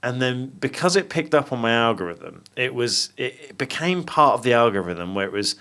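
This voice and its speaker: An English man co-hosts a casual podcast, trading jokes and laughing easily. His voice sits at an ordinary middle pitch, and he talks in a loose, chatty way. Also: big pitch swings, fairly quick, pushed and bright, clean tone. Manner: chatty, jokey, laughs often. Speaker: podcast co-host. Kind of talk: casual chat.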